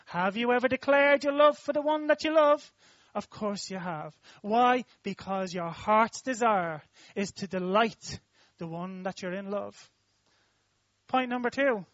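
A man's voice: sits high, a little slow, fairly bright tone, dry recording, lo-fi sound. An Irish man preaching a sermon in a conversational, storytelling way, rising to emphatic outbursts.

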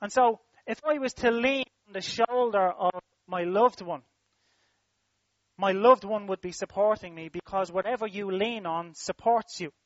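Emphatic high-voiced male preacher. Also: unhurried, dry recording, muffled recording. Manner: repetitive, emphatic, rhythmic preaching with dynamic swells and drops. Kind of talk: sermon.

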